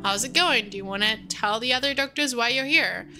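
A woman playing a bossy woman doctor in a game, taking her staff on hospital rounds with clipped orders in a bright, sharp, fairly high voice. Faint game music plays underneath. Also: a little fast. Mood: brisk. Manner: clipped and commanding.

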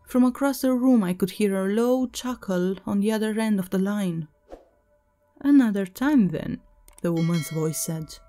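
Mellow-voiced woman narrating a horror story. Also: medium pitch, moderate pace, hardly any pauses, faint music behind.

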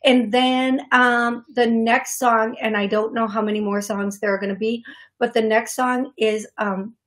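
A woman's voice: on the high side, steady tone, unhurried, a bit bright. A woman hosting a call-in radio show as a psychic medium, talking in a rambling, self-deprecating way and laughing often. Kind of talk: casual radio call-in talk. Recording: radio studio broadcast.

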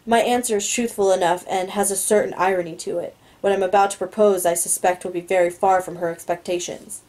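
A woman reads a first-person novel aloud in a mellow, warm voice at a mid pitch. She stumbles over words now and then, restarts, and breaks in with quick asides of her own. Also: fairly even intonation, low-quality recording. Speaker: reader.

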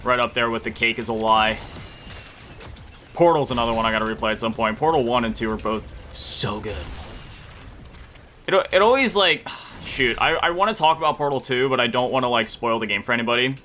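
A man's voice: mid-range voice, fairly quick, bright, forceful tone, slight background noise. A man giving rambling, jokey commentary while playing a game, tired early in the morning. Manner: rambling, jokey, sing-song asides. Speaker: gaming YouTuber. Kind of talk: casual gameplay commentary.

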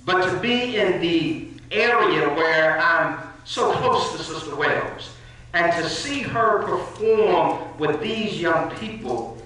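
A man's voice: on the high side, animated, slow, sharp tone. A man addressing a church congregation, leading call-and-response praise and thanking the choir. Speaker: minister. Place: church hall. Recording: echoey church hall from far off.

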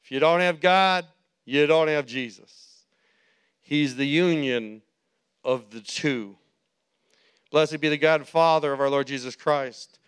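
Male pastor, clear resonant tenor-ish voice, conversational sermon that swells into fervent preaching. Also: fairly high pitch. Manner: conversational preaching that builds to impassioned shouting. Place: church sanctuary.

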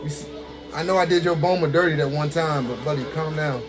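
With music in the background, a man who streams games riffs casually on his own fighting game bout, his voice a little high and his pace brisk. He gets excited, addresses the characters directly, and often breaks into laughter.

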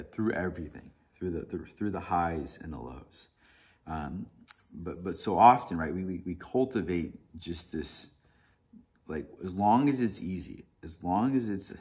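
A man leading a Bible study, reading scripture and then talking it over loosely, with frequent restarts, "right?" and chuckles. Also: deep voice. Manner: animated, many restarts and "right?", chuckles often.

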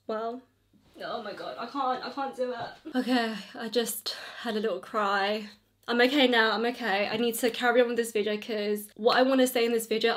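A young woman talking through her makeup routine in a chatty vlog, stressing points by repeating herself. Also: fairly high pitch. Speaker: beauty vlogger.

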